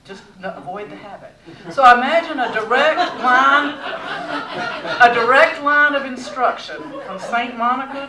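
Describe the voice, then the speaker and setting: A woman telling personal stories on a theater stage, wry and expressive with dramatic pauses. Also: fairly high pitch. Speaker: storyteller. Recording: echoey theater from a distance.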